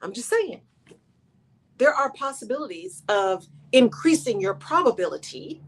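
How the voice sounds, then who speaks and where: A woman's voice: a little high, big pitch swings, unhurried, slightly rough. Emphatic woman radio host. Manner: emphatic, repeats key phrases, asks "right?". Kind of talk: talk radio monologue.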